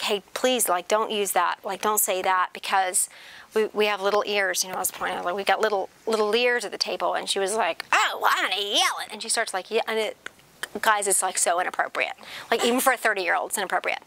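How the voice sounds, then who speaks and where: A woman in her thirties from South Georgia telling personal stories in a lively, chatty lecture to an audience, laughing at her own jokes. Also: on the high side. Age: 30s. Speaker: spiritual speaker. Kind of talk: storytelling lecture.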